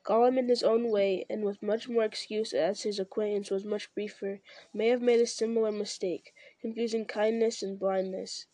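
Mellow-voiced woman narrating a story. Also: mid-range voice, fairly even intonation, normal speed, dry recording. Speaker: audiobook narrator. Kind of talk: scripted narration.

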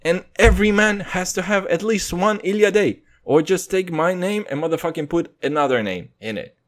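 A young man hosting his podcast in a rambling, profane monologue, swinging between loud and quiet. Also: high voice, normal speed. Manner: rambling, swearing, jumps between loud and quiet, mock voices and singing. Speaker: podcast host.

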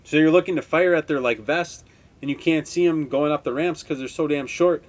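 A podcast host in his twenties from Wisconsin tells stories in a rambling, laid-back, heavily profane monologue. His voice is a little high, and he talks fairly quickly.

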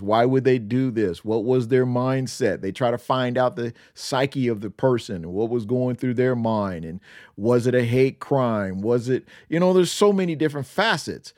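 A man's voice: mid-range voice, a little mellow, no room sound, clean studio sound. A man hosting a Bible podcast, preaching in an emphatic style that repeats phrases for effect. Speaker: podcast host teaching the Bible.

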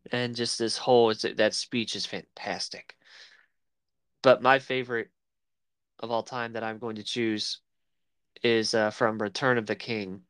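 A man's voice: on the low side, level tone, unhurried, pauses often, a bit bright, clean tone, no room sound. A man co-hosting a casual film podcast, rambling and searching for words as he talks. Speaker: podcast co-host. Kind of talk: casual chat about film.

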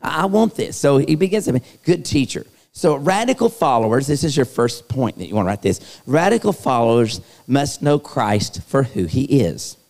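A man's voice: mid-range voice, very animated, moderate pace, few pauses, a little mellow. A middle-aged man, preaching to a live youth conference in a playful, teasing way and talking straight to the crowd. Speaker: youth speaker. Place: large hall. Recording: long hall reverb.

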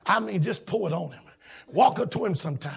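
A preacher delivering a sermon, alternating rhythmic shouting with quieter storytelling in a raspy voice. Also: male voice, high-pitched, animated, fairly quick.

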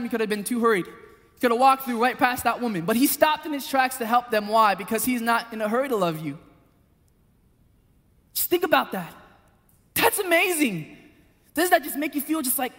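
Male pastor, high voice, impassioned sermon with loud and soft turns, long hall reverb. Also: animated, normal speed, long pauses. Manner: passionate, swings between loud appeals and hushed storytelling. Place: church hall.

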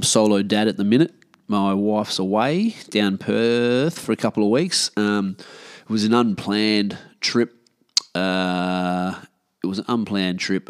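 A man's voice: low voice, dry recording, clean studio sound. An Australian man in his thirties, rambling and swearing freely as he hosts a casual solo podcast from his living room. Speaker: podcast host.

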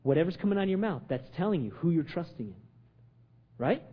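A man preaching a sermon in a high, lively voice that climbs and drops across a wide range. He hammers home repeated rhetorical questions, swinging between loud emphasis and hushed asides. The recording sounds dull and lo-fi. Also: brisk, breathy edge. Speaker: pastor.

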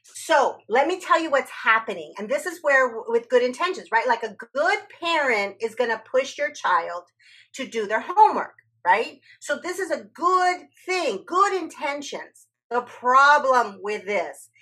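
A woman's voice: high voice, very animated, a little slow, pushed and bright, slightly rough. A woman telling a personal story in a candid conversational podcast, swearing freely and acting out quoted dialogue.

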